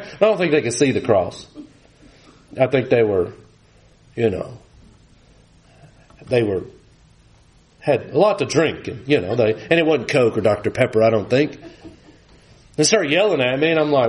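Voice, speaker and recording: A man, preaching a sermon with animated, rising emphasis that drops low and quiet for scripture. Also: moderate pace, pauses often. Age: 40s.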